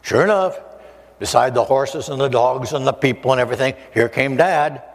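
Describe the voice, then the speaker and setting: An older male preacher from the Oregon coast tells a personal story as a testimony sermon, speaking at normal speed with a medium pitch. He's animated, acting out voices and joking with the audience, and the recording carries a long hall reverb.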